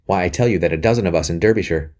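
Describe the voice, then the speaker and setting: A man reading the part of a fervent, secretive young gentleman conspirator in an audiobook. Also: sits low, rapid-fire, natural voice. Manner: urgent, hushed, then fierce.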